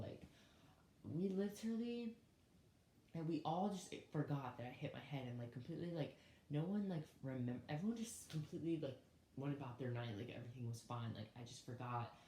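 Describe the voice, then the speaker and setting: A young adult man telling a story on his vlog, rambling and swearing, filling every pause with "like". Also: mid-range voice, dark tone, slight background noise. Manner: rambling, heavy use of "like", swearing. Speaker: vlogger. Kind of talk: casual story time. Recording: roomy echo, faint background ambience.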